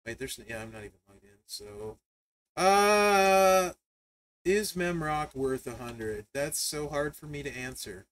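A man hosting a live stream, telling family stories in a casual, animated way, laughing often and reading chat aloud. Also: on the high side, slow. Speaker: livestream host.

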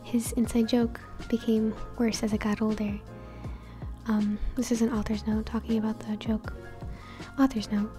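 Woman narrator, whispered role-play, mellow and flat, fairly high. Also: moderate pace, faint music behind. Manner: soft whispered reading. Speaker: fanfiction reader.

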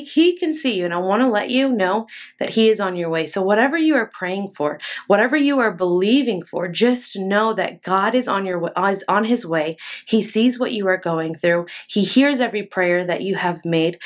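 A woman from Texas leads a relaxed faith talk on her podcast. Her voice sits at an ordinary middle pitch. She speaks earnestly and conversationally, often leaning on fillers as she goes. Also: moderate pace. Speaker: podcast host. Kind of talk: casual devotional talk.

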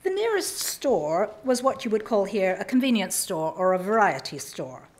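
Woman reading her funny story out loud, voice swoops up and down a lot. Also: medium pitch, moderate pace. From southern England. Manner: lively, self-mocking storytelling. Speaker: writer reading her work. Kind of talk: reading a humorous personal story aloud.

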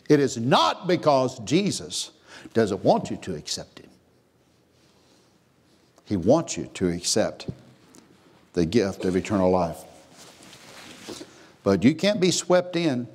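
A pastor preaching a sermon in a church, swinging from hushed, slow lines to loud, high exclamations. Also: male voice, very animated, breathy edge. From Texas. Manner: preaching with big swings, dropping to a hush then rising to a near shout. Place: church sanctuary.

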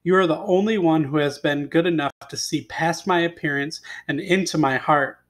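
A man voicing a gentle, humble male beast in a fairy tale read-aloud, in a soft, earnest way. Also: on the high side, moderate pace, close to an everyday voice.

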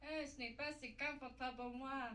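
A woman doing a live stand-up impression of a vain, over-the-top female diva singer with a put-on French-Canadian accent, talking loud and sing-song. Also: high-pitched, fairly even intonation, brisk, close to an everyday voice. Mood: catty, teasing. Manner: loud, campy, sing-song, bursting into shouts. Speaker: comedian doing a character impression. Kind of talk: live stand-up character act. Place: comedy club stage. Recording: roomy live venue from far off, audience noise.

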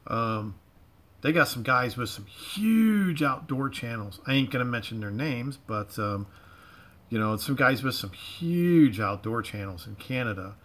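A man's voice: mid-range voice, expressive, a little slow, a bit bright. A middle-aged man from Florida with a Southern drawl and a touch of Cajun, hosting a rambling, folksy livestream from his garage. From Florida, USA. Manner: rambling, repeats himself, folksy slang. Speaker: livestream host. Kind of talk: casual livestream chat. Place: home garage.

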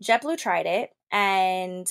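A young adult woman co-hosting a podcast, telling a story in casual chat and acting out the quotes with big jumps in pitch. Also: slow pace, vocal fry, fairly bright tone. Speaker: podcast co-host.

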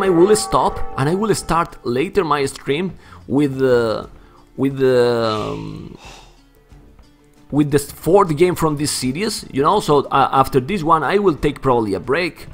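Spanish-accented guy casting a game live, high voice that jumps all over, gets worked up, keeps saying man. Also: lively intonation, measured pace, soft background music. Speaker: game caster.

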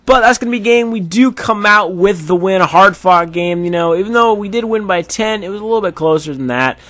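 A man's voice: high voice, fairly quick, fairly bright tone, no room sound. A tired man doing casual, rambling commentary over his football video game match, with many fillers. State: tired, yawning. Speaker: gaming YouTuber.

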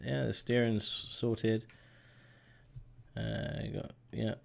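Streaming a driving game, a young man talks slowly in a lowish, gravelly voice, welcoming viewers by name and narrating every step in casual live-stream commentary. A truck engine hums faintly behind him.

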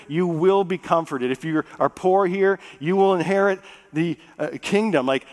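Pastor preaching in a reverberant hall. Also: male voice, sits high. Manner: conversational, jokes with the congregation, slows to read scripture. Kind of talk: sermon. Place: church sanctuary. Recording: long reverb of a church hall.

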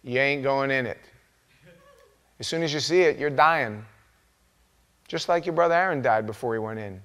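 A man preaching a sermon as pastor, telling stories in an animated way and acting out quoted voices with sudden loud outbursts. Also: medium pitch, moderate pace, clear, resonant tone. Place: church sanctuary.

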